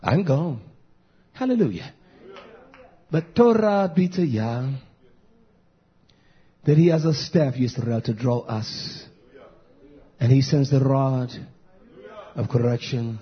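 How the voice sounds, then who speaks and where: A man preaching a fiery sermon, blunt and emphatic, moving between shouted lines and low muttering. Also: dull audio.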